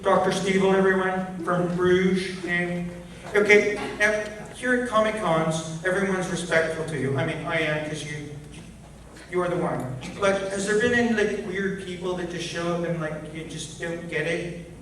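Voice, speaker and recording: A man's voice: sits high, fairly even intonation, moderate pace, a bit bright, a little hiss or hum. A man in the audience at a convention panel, chatty and full of fillers as he asks his question. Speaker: fan asking a question. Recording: echoey hall from far off.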